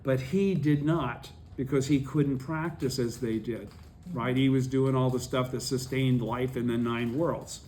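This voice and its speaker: A man's voice: medium pitch, fairly even intonation, measured pace, a little mellow, a little hiss or hum. A man leading a study group, reading a text aloud and explaining it, often checking that his listeners follow.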